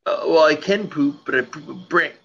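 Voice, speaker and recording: A man's voice: on the high side, moderate pace, creaky, fairly bright tone. A man chatting casually and jokily over a call, rambling with playful sing-song asides. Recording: lo-fi call audio with faint noise.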